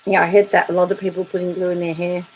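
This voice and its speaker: A woman's voice: fairly low pitch, little pitch movement, fast talker, a little mellow, a little hiss or hum, low-quality recording. A woman YouTube commentator reading viewer comments aloud in a chatty, wry way, laughing between them.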